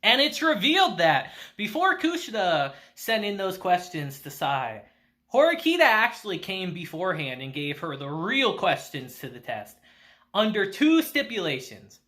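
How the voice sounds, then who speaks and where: Male anime reviewer, casual recap, lively pitch, bright tone, loose and profane. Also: normal speed. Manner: laid-back, swears, chuckles often.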